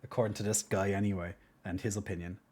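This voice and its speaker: A man's voice: on the low side, flat delivery, fast talker, darkish tone, slightly rough. Rambling man streaming casually. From Ireland. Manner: rambling, mumbling asides that trail off, laughing. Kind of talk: casual stream chat reacting to a video.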